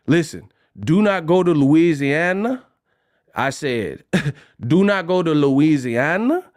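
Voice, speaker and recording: A man hosting a boxing livestream, chatting casually with playful shout-outs and stories. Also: fairly high pitch.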